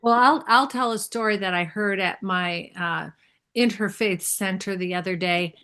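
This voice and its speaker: A woman's voice: medium pitch, moderate pace, a bit bright, smooth. A woman telling a light anecdote to an online group, laughing as she goes. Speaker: participant. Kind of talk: casual anecdote.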